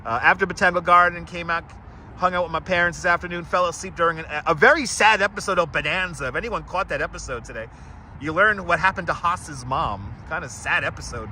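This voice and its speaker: A man's voice: on the high side, fast talker, bright, forceful tone, a little hiss or hum. Chatty New man streaming outdoors. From Brooklyn, New York. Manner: chatty, rambling, greets viewers by name. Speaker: live-stream host. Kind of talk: casual walking live stream. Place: outdoors on city streets, walking. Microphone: wireless clip-on mic.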